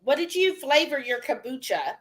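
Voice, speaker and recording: Woman co-host, a bit high, chatty live-stream manner, reads comments aloud. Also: very animated, moderate pace, a bit bright. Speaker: cooking show co-host. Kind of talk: live-stream cooking chat.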